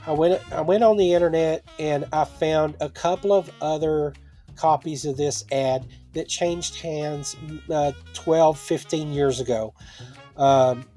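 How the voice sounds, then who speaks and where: A man's voice: fairly high pitch, darkish tone. A man casually talking through items he has sold, rambling conversationally with personal asides. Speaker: online seller and vlogger. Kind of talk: casual vlog talk.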